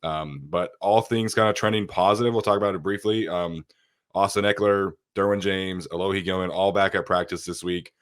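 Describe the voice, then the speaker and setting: Sick male podcast host: deep, stuffy and nasal, easygoing, lots of ums. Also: fairly quick. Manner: relaxed, with frequent fillers. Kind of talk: casual sports podcast chat.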